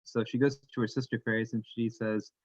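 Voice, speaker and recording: A man's voice: mid-range voice, a little fast, no echo. Folksy male storyteller, dull dry sound. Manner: animated, folksy, with asides. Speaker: worship leader telling a story. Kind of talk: casual storytelling to a congregation.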